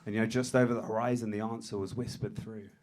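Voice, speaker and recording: A man's voice: lowish voice, flat delivery, racing, heavy background noise. A man doing a stand-up set on a comedy club stage, self-deprecating and a bit hesitant.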